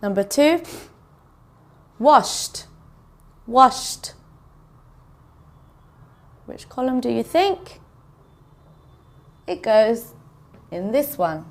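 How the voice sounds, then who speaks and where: Female teacher, fairly high voice, deliberate slow delivery for learners at a board. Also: sing-song, dark tone. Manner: slow, careful, repeats words for learners. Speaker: English teacher. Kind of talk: English pronunciation lesson. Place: classroom with a board.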